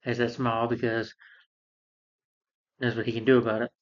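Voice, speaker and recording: A man's voice: medium pitch, level tone, moderate pace, dull audio. Rambling man retelling a movie plot. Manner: rambling plot retelling, acting out quoted lines. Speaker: film reviewer. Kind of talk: casual spoken film review.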